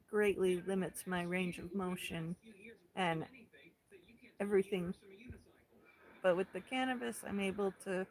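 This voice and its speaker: A woman in her thirties from Central California, a livestream host chatting calmly with her viewers and answering their comments one by one. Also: mid-range voice, low-quality recording. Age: 30s. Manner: calm, unhurried, answering chat comments one by one. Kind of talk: casual chat with livestream viewers.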